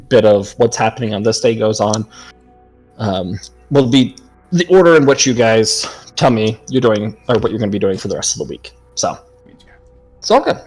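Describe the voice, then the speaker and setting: A man narrating a tabletop game as game master, describing scenes in a relaxed way with frequent ums. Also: on the low side.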